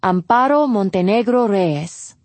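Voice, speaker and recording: A woman's voice: mid-range voice, expressive, unhurried, darkish tone, no room sound. Wry, blunt woman narrating a novel. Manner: wry, blunt, exasperated teen voice. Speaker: audiobook narrator. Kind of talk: first-person novel narration.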